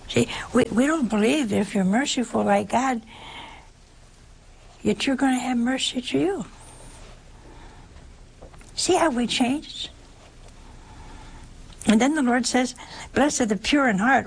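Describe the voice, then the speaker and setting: A woman delivers a sermon in a gravelly, fry-edged voice. She keeps firing rhetorical questions at her listeners and acts out short exchanges as she goes. Faint background noise sits under the recording. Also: fairly high pitch, takes it slowly, long pauses. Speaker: preacher.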